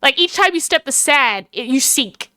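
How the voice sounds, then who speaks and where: An Australian woman livestreaming and chatting casually with her viewers, rambling and giggly, talking fast with lots of fillers. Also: sits high, expressive, sharp tone, no room sound. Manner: chatty and giggly, talks to chat and calls herself by name.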